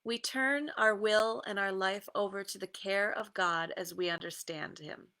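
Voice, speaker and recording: Slow, gravelly-voiced woman meditation coach. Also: mid-range voice, sharp tone. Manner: easygoing, with many pauses and fillers, and laughs. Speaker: creative success coach. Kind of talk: casual guided meditation talk with readings.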